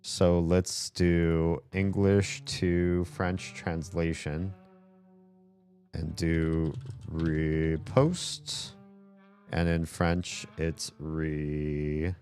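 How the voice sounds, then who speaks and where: A man's voice: sits low, level tone, very slow, a little mellow. A man streaming a game, chatting casually and rambling aloud with plenty of fillers, with faint game music behind him. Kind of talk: casual gameplay commentary chat.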